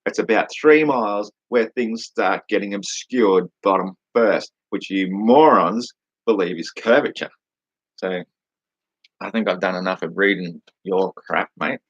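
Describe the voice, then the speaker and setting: A man's voice: fairly low pitch, husky, no echo, lo-fi sound. An Australian man answering comments in a combative, mocking rant, blunt and full of swearing. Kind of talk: combative ranting monologue.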